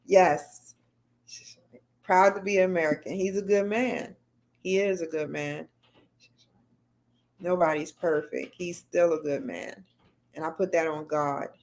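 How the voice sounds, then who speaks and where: A middle-aged woman hosts a livestream, rambling casually and replying to viewer comments as they come in. Her voice is lowish and darkish, with fairly even intonation, an unhurried pace, and long pauses.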